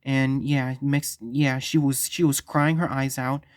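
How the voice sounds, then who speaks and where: A man telling a story on his vlog, halting and stumbling, often repeating himself. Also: mid-range voice, level tone, no room sound, studio quality. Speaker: vlogger.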